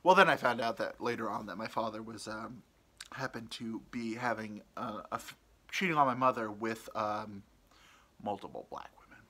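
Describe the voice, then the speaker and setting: Bright-voiced man rambling hesitantly. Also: fairly low pitch, normal speed. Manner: hesitant, many ums and restarts. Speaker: podcast host. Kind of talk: rambling personal monologue.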